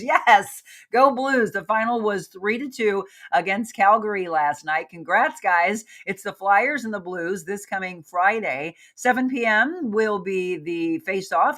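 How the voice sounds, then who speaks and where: A woman's voice: mid-range voice, a bit bright. A woman hosting a live show, chatting casually and upbeat while reading viewer comments aloud and talking straight to her audience. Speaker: livestream host.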